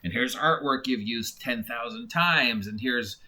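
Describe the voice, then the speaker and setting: A man's voice: mid-range voice, a little slow, pushed and bright. A man giving a casual, rambling monologue as a game reviewer, full of fillers and restarts. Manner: mock voices when imitating others.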